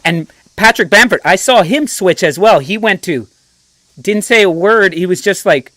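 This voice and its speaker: An American man in his forties, a podcast guest telling animated stories and laughing often. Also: high voice, moderate pace, no room sound. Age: 40s. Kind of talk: casual podcast chat.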